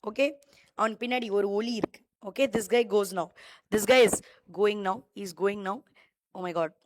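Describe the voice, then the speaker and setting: A woman's voice: mid-range voice, racing, no room sound, low-quality recording. A woman teacher with a Tamil-influenced Indian English accent, giving a law lecture, repeating key phrases and quizzing students by name.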